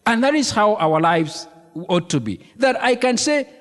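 A man preaching a sermon as pastor, animated and emphatic, repeating key phrases and throwing questions to the congregation. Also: high voice, normal speed. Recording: long reverb of a large hall.

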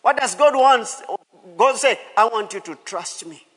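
A male pastor delivers a sermon with a notably high voice, leaning hard on key words and repeating them for the congregation. His voice rings out with the long reverb of a church hall. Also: animated, unhurried, fairly bright tone, breathy edge. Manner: emphatic, repeats key phrases, calls out to the congregation.

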